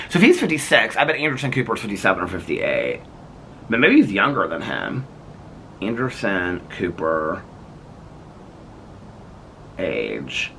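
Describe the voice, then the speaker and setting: Chatty man in his fifties, lively pitch. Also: a little hiss or hum. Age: 50s. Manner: chatty, rambling, laughs often. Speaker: vlogger. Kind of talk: casual chat.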